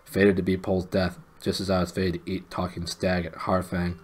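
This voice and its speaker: Guy doing a gloomy grumbly marsh creature, husky lowish voice, storybook. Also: monotone, moderate pace.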